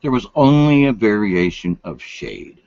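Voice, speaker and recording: Older man, folksy late-night rambler, pitch rises and falls a lot, dry close sound. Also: wildly swooping pitch, unhurried, creaky, darkish tone, no echo. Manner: folksy, meandering, drops to whispers. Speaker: vlogger. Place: home room, lights turned down. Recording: dull lo-fi sound.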